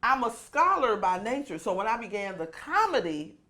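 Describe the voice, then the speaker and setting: Animated woman telling a comic story. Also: a little high, normal speed. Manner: animated storyteller, acts out quoted voices. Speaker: comedian guest. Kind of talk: casual storytelling chat.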